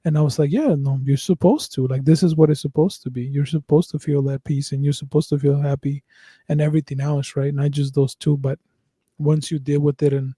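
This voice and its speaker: A man's voice: a little high, steady tone, a little fast, mellow, breathy edge, dry recording. A man hosting a podcast, chatting casually, rambling and swearing with lots of fillers and restarts. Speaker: podcast host.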